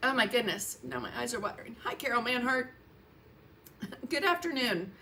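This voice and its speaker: A woman's voice: a little high, vocal fry, sharp tone, slight background noise. Chatty woman hosting a painting livestream. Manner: chatty, greets viewers by name, laughs often. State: coughing, frog in her throat. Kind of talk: casual livestream chat. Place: home painting studio.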